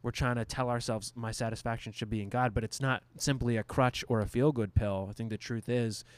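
A man's voice: medium pitch, steady tone, brisk, no echo. Reflective man pastor thinking aloud. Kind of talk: casual faith discussion.

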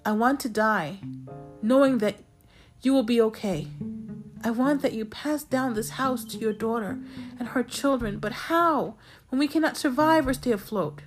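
A woman's voice: fairly high pitch, normal speed, faint music behind, close to an everyday voice. A woman voicing her anxious elderly aunt, nearly eighty, who speaks in a worried, insistent, downcast way.

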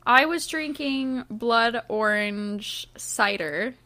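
A young woman co-hosting a casual podcast, chatty and blunt with easy giggles. Her voice sits fairly high and has a bright, forward edge to it. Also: very slow. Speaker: podcast co-host. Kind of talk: casual chat.

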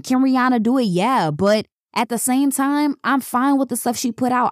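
A woman's voice: a little high, dry recording, studio quality. Blunt, profane woman podcaster. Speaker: podcast host. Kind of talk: casual podcast monologue.

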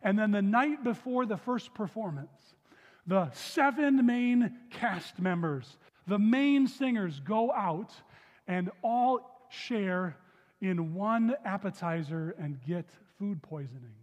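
A man preaching a sermon in a church, reading scripture in a lowered, softer voice and then speaking earnestly to the congregation. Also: animated, slow. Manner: earnest preaching, dropping low and soft for scripture. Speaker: pastor. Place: church sanctuary. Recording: long hall reverb.

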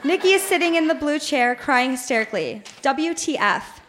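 A woman's voice: sits high, expressive, moderate pace, a bit bright, a faint crowd. A woman in her late twenties reading her teenage diary aloud at a live show in a bar, dramatic and earnest, with laughter in her voice. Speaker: reader on stage.

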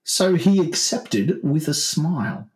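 A man co-hosting a comedic podcast, bantering and slipping into quick silly character voices. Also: fairly high pitch, big pitch swings, reverberant. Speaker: podcast co-host. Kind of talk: comedic casual chat.

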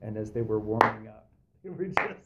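A man's voice: on the low side, fast talker, heavy background noise. A man co-hosting a podcast, telling a story in casual chat and acting out the voices of the people in it. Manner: animated, acts out quoted voices, frequent fillers.

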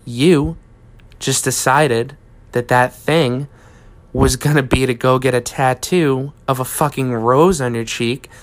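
Guy ranting on his comedy podcast, slow and swearing a lot, totally fed up. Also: a little high. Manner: profane, exasperated ranting. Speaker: podcast host. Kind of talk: comedic rant monologue.

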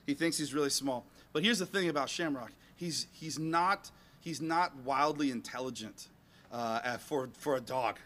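A man telling an animated personal story to an audience in a rambling, self-mocking way, acting out bits of dialogue. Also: mid-range voice, normal speed.

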